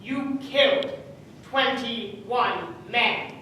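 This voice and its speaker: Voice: mid-range voice, a little slow, a little hiss or hum. A student playing a furious accusing son. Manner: accusing, shouting. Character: furious grown son confronting his father. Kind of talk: student stage acting. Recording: echoey room from far off.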